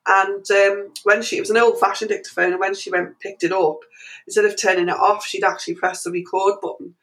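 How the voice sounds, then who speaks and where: Gravelly woman telling a story. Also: mid-range voice, fairly quick, rough recording. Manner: animated, full of restarts and fillers. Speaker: interview guest. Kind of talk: conversational interview storytelling.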